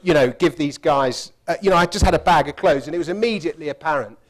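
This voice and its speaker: Guy spinning a travel story, slightly high voice, keeps laughing. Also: quick pace. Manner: chatty, laughs through the story. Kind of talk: anecdotal storytelling talk.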